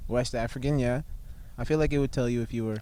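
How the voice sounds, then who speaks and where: A man's voice: medium pitch, fairly even intonation, quick pace, warm tone, clean tone, no room sound. A young man chatting casually outdoors on a rooftop, joking and laughing often as he guesses. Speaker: co-host guessing ancestry results. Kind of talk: casual banter.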